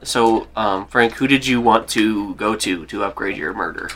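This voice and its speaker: A man narrating a tabletop game as game master, rambling and halting as he goes. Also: lowish voice, a bit bright, slight background noise. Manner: rambling, halting, with fillers and laughs.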